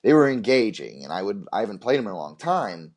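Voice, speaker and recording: A man's voice: fairly low pitch, sing-song, quick pace. A man co-hosting a casual game podcast, rambling with many restarts and casual swearing. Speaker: podcast co-host. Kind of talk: casual chat.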